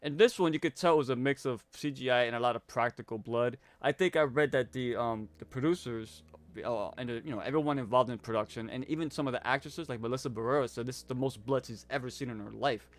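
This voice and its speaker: A man's voice: medium pitch, quick pace, hardly any pauses. A man co-hosting a live horror movie review, talking casually and rambling with many restarts. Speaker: co-host of a horror review show.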